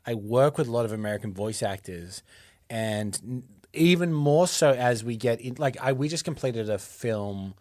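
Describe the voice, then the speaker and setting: A man's voice: mid-range voice, lively intonation, moderate pace, darkish tone, no echo, studio quality. A man with an Australian accent co-hosting a podcast, talking in a chatty, jokey way and explaining things at length. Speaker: podcast co-host. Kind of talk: casual podcast chat.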